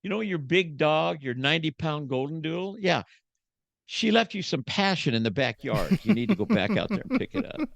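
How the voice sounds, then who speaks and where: A man playing an adoring wife who swoons over her speaker husband, all high sing-song falsetto and dramatic sighs. The voice swings up well above his normal register with playful mockery, and the sound is dry and close. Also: very animated, moderate pace, vocal fry, no room sound. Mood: teasing. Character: his wife, gushing then teasing, mock-adoring woman.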